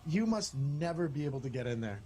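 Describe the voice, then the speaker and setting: Guy with a slightly high voice rambling sarcastically, laughs a lot between lines. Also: expressive, fairly quick, darkish tone. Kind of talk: casual chat.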